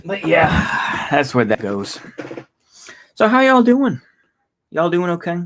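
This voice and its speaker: A Texan man in his thirties chats casually with his livestream audience, rambling and halting with frequent restarts. His voice is a little high and a bit bright, with wildly swooping pitch, and there's a little hiss or hum in the audio.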